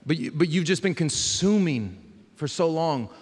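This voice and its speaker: A man preaching a sermon, his fairly high voice carrying through a long-reverb church hall. He talks in a loose, conversational way and keeps turning rhetorical questions to the congregation. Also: expressive, normal speed, darkish tone, husky. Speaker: pastor. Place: church sanctuary.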